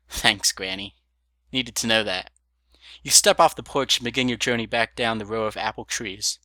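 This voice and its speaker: A man's voice: lowish voice, normal speed, pushed and bright, no room sound. A man reading fan fiction aloud, giggling often and swearing with enthusiasm. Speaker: fanfiction reader.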